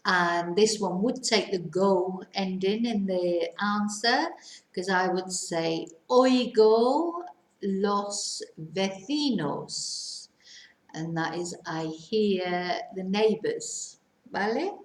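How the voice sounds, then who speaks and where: Female language teacher, unhurried and clear, recorded in a reverberant room. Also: on the low side. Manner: models sentences slowly and clearly, then translates. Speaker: Spanish teacher. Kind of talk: slow language lesson. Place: lives in a Spanish village. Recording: echoey room.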